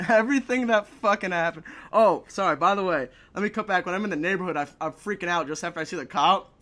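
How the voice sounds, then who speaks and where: A man's voice: high voice, fast, few pauses, pushed and bright. A young man telling a story in a casual chat, swearing a lot and laughing between lines. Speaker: podcast guest.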